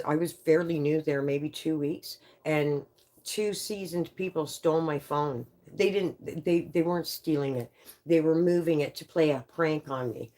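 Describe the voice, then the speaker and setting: A woman with a low, deep-set voice tells rambling stories on a live stream. She swears freely and keeps breaking into laughter through her sentences. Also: darkish tone. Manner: profane, laughs often through her words. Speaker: livestreamer. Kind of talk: casual storytelling on a live stream.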